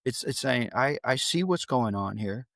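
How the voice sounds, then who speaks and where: A man's voice: medium pitch, moderate pace, gravelly, dry recording. Middle-aged man telling heated stories. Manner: animated storytelling, voice climbs when recalling anger. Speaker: guest. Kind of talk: interview conversation.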